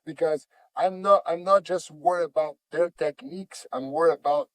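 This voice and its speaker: Animated man in broken English. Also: a little high, normal speed, no echo. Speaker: jiu-jitsu master, guest. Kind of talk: storytelling in conversation.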